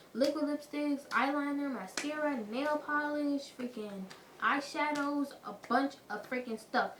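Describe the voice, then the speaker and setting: A woman vlogger telling a story in an animated, slangy way, acting out the quotes. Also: high-pitched, slight background noise. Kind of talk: storytime vlog. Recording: roomy echo, distant from mic.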